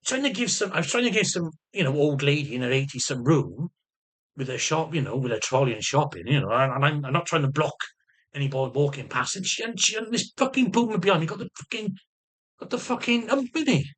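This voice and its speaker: A man rants through a personal update in a somewhat high, bright and tense voice. He swears in almost every line, restarts and repeats himself, and his pitch swings widely as he grows defensive and agitated. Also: lively intonation, fast talker. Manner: swears constantly, rambling and repetitive. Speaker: vlogger. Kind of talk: ranting personal health update.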